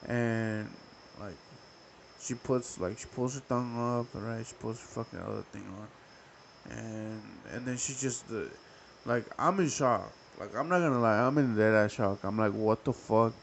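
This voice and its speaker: Young male podcast host, gravelly, animated profane storyteller. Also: medium pitch, a little slow, a little hiss or hum, low-quality recording. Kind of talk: casual storytelling.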